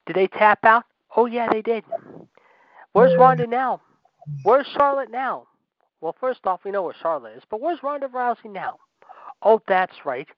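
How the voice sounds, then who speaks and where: A high-voiced man holds forth on a wrestling podcast, brash and sarcastic, jumping from loud taunts to quiet asides. The sound is dry and close, with slightly dull, muffled audio. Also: animated, normal speed, no room sound. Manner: brash, sarcastic, swings between loud jabs and low asides. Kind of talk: opinionated wrestling rant.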